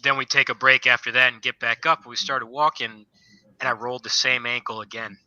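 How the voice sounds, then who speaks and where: A man's voice: mid-range voice, little pitch movement, fairly quick, bright, forceful tone, lo-fi sound. A man, a former soldier, telling stories from basic training in a casual podcast chat, rambling and leaning on filler phrases. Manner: rambling storyteller, leans on "you know".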